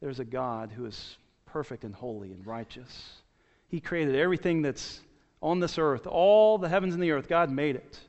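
A man's voice: fairly high pitch, lively intonation, moderate pace, a little mellow. A man preaching a sermon as pastor, earnest, repeating his key points and restarting phrases. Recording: dull sound with long church reverb.

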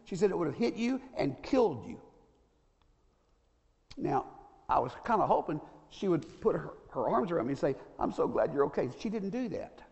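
An older male pastor, in his late sixties, delivers a folksy sermon in a tenor that sits notably high. His words hang in the long reverb of a church sanctuary. He repeats his main points and checks in with the congregation as he goes. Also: big pitch swings, moderate pace, gravelly, long pauses, a little mellow, breathy edge, lo-fi sound. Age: 60s.

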